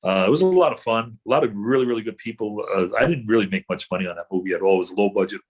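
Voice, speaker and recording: A man's voice: on the low side, racing. A middle-aged man, an actor guest, telling rambling anecdotes in casual chat with many fillers and restarts.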